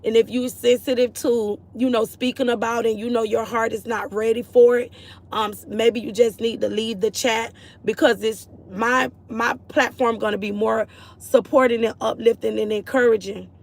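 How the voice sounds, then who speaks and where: A woman from Florida hosts a casual faith-based livestream. Her voice sits a bit high with a strong gravelly fry. She speaks earnestly and encouragingly, greeting and answering viewers in the chat. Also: steady tone, moderate pace. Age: adult mother. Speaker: livestream host.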